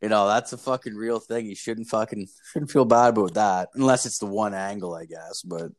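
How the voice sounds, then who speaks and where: A man in his thirties with a lowish voice, chatting on his podcast in a loose, rambling way. He swears in nearly every sentence and tells stories about his own life. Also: brisk. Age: 30s. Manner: profane, rambling storyteller, swears constantly. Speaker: podcast host. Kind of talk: casual podcast chat.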